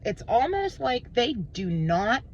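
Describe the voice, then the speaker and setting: A woman speaks slowly in a lowish voice, rambling through an intense, emotional monologue peppered with swearing. The recording is dull and lo-fi, with a faint room hiss behind her. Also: sing-song. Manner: intense, rambling, swearing, swings between low and high pitch. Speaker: vlogger.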